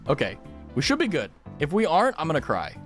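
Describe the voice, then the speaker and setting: Excitable man streaming a trucking game. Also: on the high side, quick pace, soft background music. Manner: excitable, laughing, yelps at glitches, talks to chat. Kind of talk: casual game stream chat.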